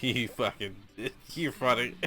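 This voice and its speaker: A man's voice: mid-range voice, unhurried. A man who is a military veteran, reacting to a war drama in casual, profane, laughing commentary. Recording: voice over film music.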